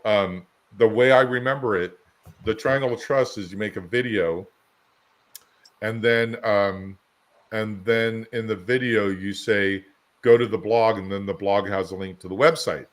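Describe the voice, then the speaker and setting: A man with a somewhat low voice co-hosting a podcast. He talks in a loose, rambling way, piling up anecdotes and everyday examples to make a point. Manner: rambling storyteller, chatty anecdotes. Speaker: podcast co-host. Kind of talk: casual conversational podcast.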